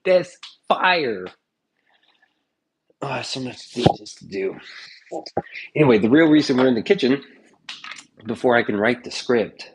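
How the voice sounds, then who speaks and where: A man's voice: mid-range voice, animated, a little slow, pauses often. A man chatting casually in his kitchen in a vlog, joking and swearing loosely. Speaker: streamer. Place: home kitchen.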